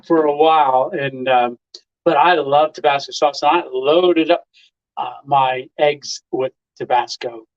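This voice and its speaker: A man's voice: a little high, dull audio. A middle-aged man hosting a casual live stream, telling rambling stories full of "uh" and chuckles. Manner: rambling storyteller, lots of "uh" and chuckles.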